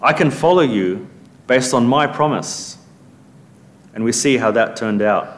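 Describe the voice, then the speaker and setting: A man's voice: mid-range voice, unhurried. A man preaching a sermon in an earnest, emphatic way, lifting his voice when he quotes scripture.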